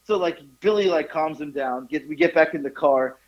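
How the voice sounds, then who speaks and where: A man co-hosting a podcast, telling a profane story in a casual, animated way and jumping into high voices for the people he quotes. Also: normal speed. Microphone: phone call. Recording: dull lo-fi phone line.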